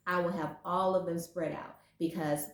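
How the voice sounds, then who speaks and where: A woman hosting a casual faith talk, encouraging listeners and telling lively anecdotes. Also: lowish voice, normal speed. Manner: warm encouraging, animated when telling anecdotes. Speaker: host. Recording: echoey room.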